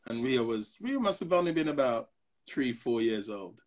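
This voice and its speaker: A man's voice: medium pitch, normal speed. A man in his fifties, a pastor, telling personal stories in a casual discussion and acting out the other people in them. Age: 50s. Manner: animated storyteller who acts out other people's voices.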